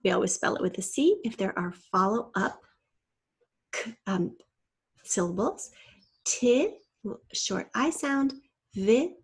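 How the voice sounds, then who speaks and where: Slow, husky-voiced woman teacher. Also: mid-range voice. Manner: slow, patient, spelling out letters. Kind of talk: spelling lesson narration.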